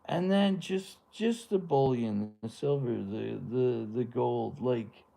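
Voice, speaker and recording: Man, gravelly voice, dark tone, rambling live-stream chat, laid-back. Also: medium pitch, takes it slowly. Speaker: livestream host.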